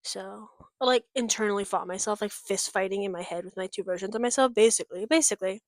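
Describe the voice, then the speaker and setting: A woman's voice: mid-range voice, fast, slight background noise. A young woman from the United States chatting casually in a vlog, rambling and frank, swearing often with lots of fillers. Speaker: vlogger. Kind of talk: casual chat.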